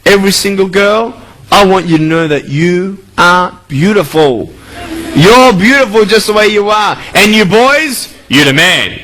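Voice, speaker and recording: Motivational speaker, male, high-pitched, upbeat, talks to children and keeps asking them questions. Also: unhurried, noisy background. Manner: playful, energetic, quizzes the crowd. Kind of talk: speech to a school audience.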